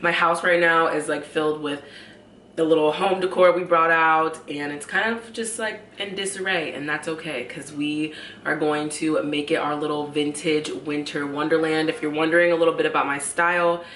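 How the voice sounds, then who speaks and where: A chatty, upbeat woman in her thirties talks casually to her viewers, her nose a bit stuffy from a cold. Her voice sits low, and it rings around an echoey room at home with a faint hum of ambience behind it. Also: fairly even intonation, normal speed, a bit bright. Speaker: vlogger, homemaking channel host. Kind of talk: casual chat to camera.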